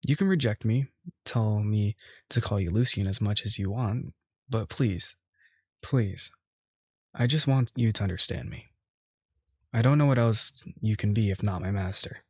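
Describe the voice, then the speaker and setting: A man's voice: on the low side, a little slow, long pauses, a little mellow, breathy edge, no room sound, lo-fi sound. A man voicing a huge male minotaur, formal and devoted, turning playfully defiant, in a visual novel read aloud. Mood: pleading.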